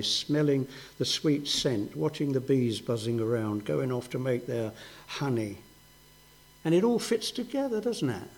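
A man's voice: mid-range voice, darkish tone, low-quality recording. A man preaching a sermon, earnest, asking rhetorical questions and rising in emphasis.

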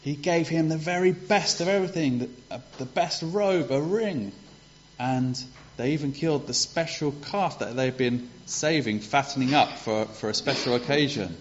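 A man's voice: fairly high pitch, normal speed, slight background noise. A man retelling a parable in a conversational way for a congregation, asking rhetorical questions, on a dull lo-fi recording. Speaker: preacher giving a children's talk.

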